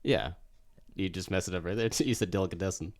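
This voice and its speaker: A man's voice: deep voice, fast, darkish tone. A man co-hosting a podcast, chatting loosely with lots of fillers about a TV episode. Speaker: podcast co-host. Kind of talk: casual chat recapping a TV episode.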